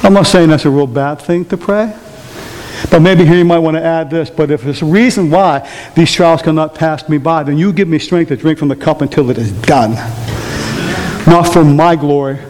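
A man's voice: fairly high pitch, normal speed, darkish tone. A man preaching a sermon to his church, emphatic and rising, throwing questions at the congregation. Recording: long reverb of a church hall.

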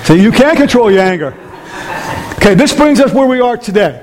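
Brief: male pastor, high voice, animated and jokey sermon, long hall reverb. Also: a little fast. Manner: animated, joking, asks the congregation rhetorical questions.

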